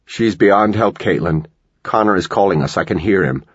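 A man's voice: sits low, normal speed, slightly rough, no echo. A man reading a desperate father who speaks with urgent insistence, in a dull lo-fi recording. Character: desperate father searching for his son.

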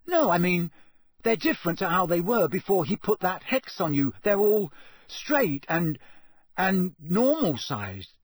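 A man's voice: sits high, sing-song, unhurried, dry recording, studio quality, pitched above the performer's own voice, heavily acted. A man voicing a blunt, hot-tempered teenage schoolboy in a storybook reading, snappy and grumbling.

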